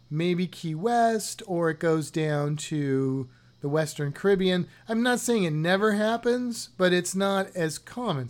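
A podcast co-host speaks in a voice that sits high yet sounds darkish in tone. He chats casually, rambling and joking as he goes.

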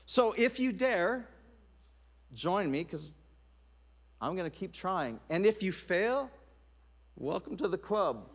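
A man's voice: high voice, slow pace, pauses often. A middle-aged male pastor preaching a sermon, telling stories with playful asides. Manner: animated storytelling with asides and laughs.

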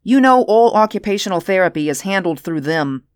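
A woman voicing a big, suspicious man in uniform who speaks crisply and demands answers. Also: medium pitch, lively intonation, brisk, dry recording, studio quality, voice pushed up, natural voice. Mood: demanding.

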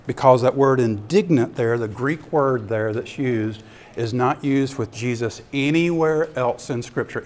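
A man giving a sermon-style ministry talk as an animated storyteller who acts out scenes. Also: medium pitch. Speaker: ministry speaker.

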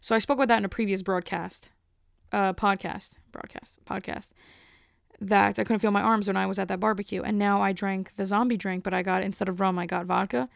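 A young woman chatting alone on her podcast, rambling through a story and leaning on "like" at every turn. Her voice has a smooth, gravelly edge and stays level in pitch. It is recorded close and dry. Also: steady tone, quick pace, no room sound. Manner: rambling, filler-heavy storytelling. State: a bit out of breath. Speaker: podcast host. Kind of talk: casual solo podcast chat.

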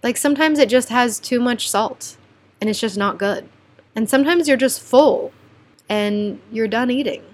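Chatty, animated young woman vlogging. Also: fairly high pitch. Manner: chatty and animated, quick shifts to quiet asides. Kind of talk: candid personal vlog.

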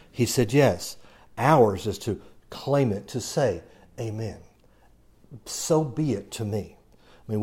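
A man delivers a sermon in a dark, mellow voice at an ordinary middle pitch. He preaches in a conversational way, slipping in humor and reading Bible verses aloud to his congregation. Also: breathy edge. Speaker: pastor.

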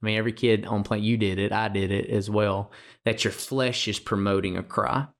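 A man's voice: fairly low pitch, steady tone, a little fast. A man co-hosting a faith podcast, talking earnestly in a preaching style and often repeating words as he starts a thought. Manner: emotional, gets choked up. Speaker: podcast co-host.

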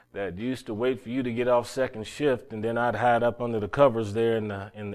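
Earnest preacher man. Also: medium pitch. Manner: earnest, halting storytelling with repeated words. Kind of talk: sermon testimony.

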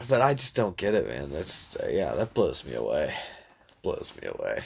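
A man co-hosting a casual podcast chat, blunt and swearing freely, tossing in quick mock voices. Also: extremely low pitch, huge pitch swings, creaky, slight background noise. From Italian heritage. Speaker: podcast co-host.

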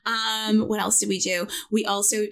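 A young woman in her twenties, a podcast co-host, telling animated stories in casual chat and acting out the voices of the people in them. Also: mid-range voice, normal speed, creaky, clear, resonant tone. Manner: animated storyteller, acts out quoted voices.

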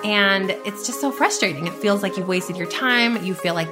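A woman's voice: medium pitch, moderate pace, music in the background. A woman hosting her podcast in a bubbly, chatty way, full of y'all and like. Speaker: podcast host. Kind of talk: upbeat podcast monologue.

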